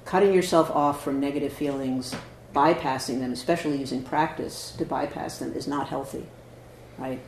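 A man teaching in a relaxed, conversational way, checking in with his listeners as he goes. He speaks at a middle pitch. His voice rings in an echoey meditation hall with faint noise behind it. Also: normal speed. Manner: conversational, frequent "right?" and "you know". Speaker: Zen teacher giving a dharma talk. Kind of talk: dharma talk answering questions.

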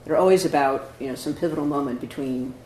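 A man's voice: a little high, fast, darkish tone. A man, a Zen teacher, giving a dharma talk in a conversational way, often asking "right?" and "you know". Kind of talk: dharma talk answering questions. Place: meditation hall. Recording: echoey hall, faint noise.

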